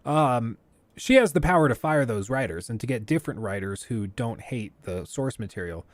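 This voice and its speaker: A man hosting a gaming livestream, giving casual, opinionated commentary with animated outbursts into a close desk mic. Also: medium pitch, normal speed, no echo.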